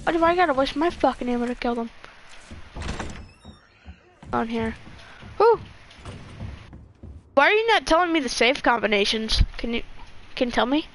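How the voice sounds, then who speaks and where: A woman's voice: sits high, expressive, moderate pace, long pauses, slight background noise. A young woman giving gameplay commentary, swearing constantly and talking to herself and the screen. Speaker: gamer.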